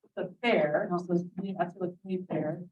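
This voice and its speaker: Woman, low-ish voice, chatty meeting member, recorded from across the room. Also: fairly even intonation, quick pace. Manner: chatty, tells anecdotes with quoted asides. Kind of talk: casual meeting chat. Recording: distant mic, dull lo-fi sound.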